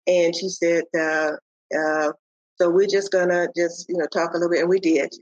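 An older woman, a podcast guest, telling the story of her faith in a halting way, with many pauses and restarts. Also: on the low side, steady tone, darkish tone, no room sound. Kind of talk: telling a personal faith testimony. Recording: dull, lo-fi audio.

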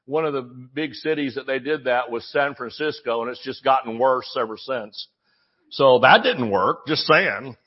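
A man pastor preaching a sermon, reading scripture with jokes and sudden shouts. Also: mid-range voice, moderate pace. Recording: dull lo-fi audio.

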